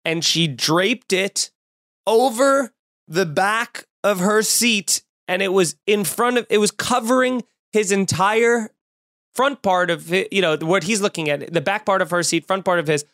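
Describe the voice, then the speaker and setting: A man on a podcast rants in a lively, exasperated way, swearing freely as he riffs for laughs. His voice sits a touch higher than most men's. The sound is close and dry, with no room echo. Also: a little slow. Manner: animated, exasperated ranting with frequent cursing. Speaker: podcast host. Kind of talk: casual comedic podcast rant. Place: room at home with windows open.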